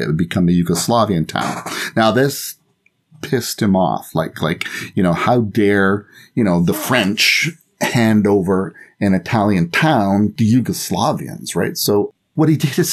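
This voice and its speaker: A man guesting on a podcast, telling a history story in a rambling, lively, casual way. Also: lowish voice.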